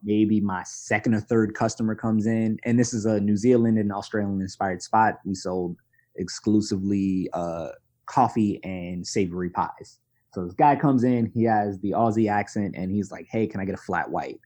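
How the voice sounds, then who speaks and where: New man, 20s, podcast guest, lowish voice, animated candid storyteller. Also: normal speed. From Brooklyn, New York. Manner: animated, candid, self-deprecating. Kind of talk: conversational storytelling.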